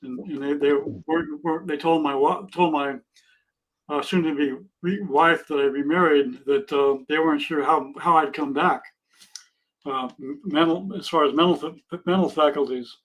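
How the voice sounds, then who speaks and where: A man's voice: fairly high pitch, fairly even intonation, normal speed, rough recording. A man in his sixties, a podcast guest, speaking earnestly and plainly about his life and his faith. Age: 60s. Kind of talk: casual interview chat.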